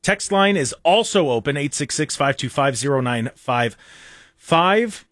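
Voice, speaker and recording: A man's voice: on the high side, animated, a little slow, a bit bright, no echo, clean studio sound. A young man hosting a talk radio show, bantering and joking with heavy sarcasm. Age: young adult. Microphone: studio microphone.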